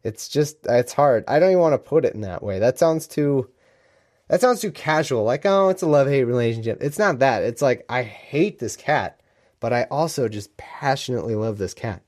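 A man's voice: mid-range voice, animated, moderate pace, a little mellow. A man hosting a casual podcast stream from a room at home, rambling and joking as he keeps cutting himself off. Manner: rambling, joking, self-interrupting. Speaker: podcast host. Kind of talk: casual livestream chat.

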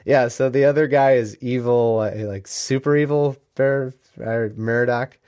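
A man's voice: mid-range voice, fairly even intonation, unhurried, darkish tone, smooth. Rambling, joking man hosting a podcast. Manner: rambling, joking, self-interrupting. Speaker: podcast host. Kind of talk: casual livestream chat. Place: home room.

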